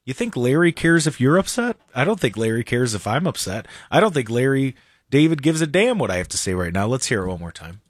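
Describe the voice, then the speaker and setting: Sarcastic fast-talking male host. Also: medium pitch, very animated, dry recording, studio quality. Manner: sarcastic, mocking. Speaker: talk show host. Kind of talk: political commentary.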